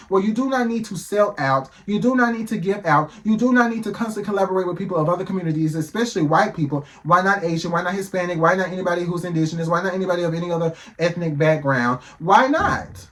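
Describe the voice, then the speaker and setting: A man's voice: sits high, fairly bright tone. A man giving heated reaction commentary, firing off rhetorical questions and swearing freely.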